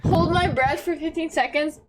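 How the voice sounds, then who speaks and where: A woman's voice: high voice, moderate pace, noisy background. A young woman streaming a game, hiccuping, giggling and swearing in casual chat.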